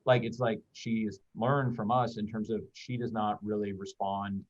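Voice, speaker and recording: Low-voiced man, rambling and thoughtful. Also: level tone, unhurried. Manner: rambling, thoughtful, many fillers. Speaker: guest. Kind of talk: casual conversation on a video call. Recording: dull lo-fi call audio.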